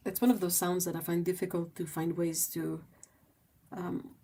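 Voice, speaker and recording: A woman's voice: on the low side, little pitch movement, moderate pace, mellow, slight background noise. A woman from French Canada, hosting a livestream and chatting casually while she paints. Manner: chatty and rambling, many fillers. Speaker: livestream host.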